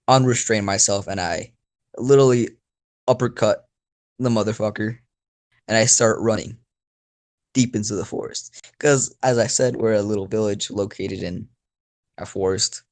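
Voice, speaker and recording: A man spinning an improvised story in a loose, profane, rambling way, laughing as he goes. His voice is low and gravelly, with a rough fry on the ends of phrases. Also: measured pace, pauses often. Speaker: storyteller YouTuber.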